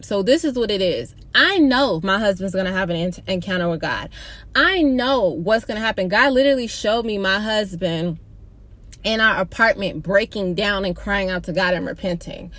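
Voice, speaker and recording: A woman's voice: mid-range voice, animated, moderate pace, fairly bright tone. A young adult woman talking casually and candidly to her viewers, rambling a little and calling them y'all. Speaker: vlogger sharing a personal faith story.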